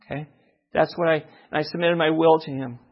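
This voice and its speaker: A man's voice: a little high, fairly even intonation, brisk, lo-fi sound. A man giving a personal testimony in a sermon, telling his story and often checking in with the listeners by asking "okay?". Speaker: lay preacher giving testimony.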